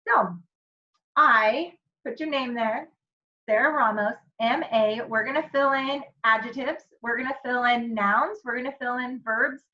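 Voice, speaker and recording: A woman's voice: fairly high pitch, unhurried, sharp tone, slight background noise. A young adult woman giving an upbeat, encouraging motivational presentation, speaking straight to the viewer as a wellness coach. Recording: dull lo-fi audio.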